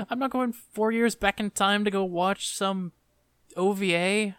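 Smooth-voiced man ranting on a podcast. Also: sits high, slow, a bit bright, no echo. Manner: ranting, exasperated complaining. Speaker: podcast co-host. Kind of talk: casual chat.

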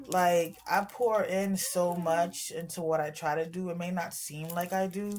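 A woman's voice: fairly low pitch, measured pace, noisy background. A middle-aged woman hosting her own podcast, talking casually and candidly in a rambling, self-reflective way from home. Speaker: podcast host. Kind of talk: casual personal talk.

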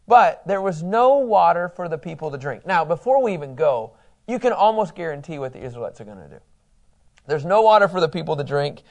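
A man's voice: high-pitched, darkish tone. A man teaching a Bible study in a conversational, enthusiastic way, acting out quotes.

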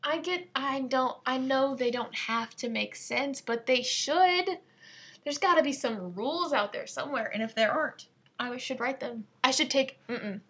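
A woman's voice: sits high, normal speed, a bit bright, breathy edge. A woman hosting a casual solo podcast, playful and self-mocking, prone to giggling as she talks. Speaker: podcast host.

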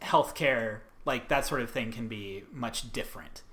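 A man with a bright voice who talks slowly, pausing to find his words. He makes his points carefully in a relaxed chat between friends. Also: mid-range voice. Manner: slow, searching for words, thoughtful. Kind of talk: casual conversation.

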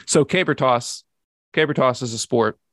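Male podcast host, mid-pitched, dry close sound, loose rambling delivery. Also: moderate pace, fairly bright tone, no echo. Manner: rambling with frequent restarts. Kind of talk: casual podcast chat.

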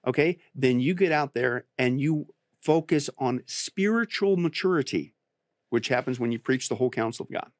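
A man, a pastor, speaking emphatically as a guest on a talk show and rising to forceful peaks as he preaches his point. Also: medium pitch, lively intonation, moderate pace, dry recording, studio quality. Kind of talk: preaching on a podcast interview.

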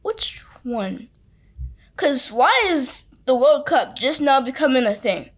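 High-pitched chatty young woman. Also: slow. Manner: animated storytelling, chatty. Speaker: podcast co-host. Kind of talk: casual chat.

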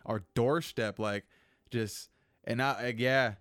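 A man's voice: mid-range voice, steady tone, takes it slowly, fairly bright tone, smooth, dry recording. A young man hosting a casual solo podcast, rambling and venting with lots of swearing. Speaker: podcast host.

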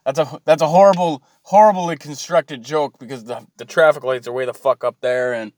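A man's voice: fairly high pitch, a little fast, darkish tone, dry recording, studio quality. Swearing man on a rant. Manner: swearing, mocking, exasperated rant. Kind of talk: profane ranting monologue.

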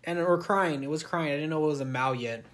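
A man's voice: on the high side, fast talker, fairly bright tone. Young man rambling through a story. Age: young adult. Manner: rambling storyteller, laughs often. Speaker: podcast co-host. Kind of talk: casual chat.

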